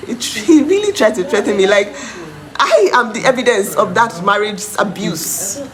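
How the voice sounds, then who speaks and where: A woman's voice: medium pitch, lively intonation, normal speed, crowd noise. A young adult woman delivers a heated personal rant to her followers, emphatic and indignant, with bursts of bitter laughter. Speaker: vlogger speaking to her followers. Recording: noisy background hiss.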